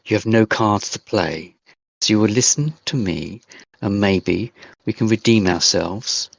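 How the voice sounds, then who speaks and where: Man doing a cold female captor, German accent, tinny intercom voice, low and unhurried. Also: creaky, no echo. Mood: cold commanding. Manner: cold, commanding. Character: stern foreign woman on a crackly intercom. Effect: tinny old intercom.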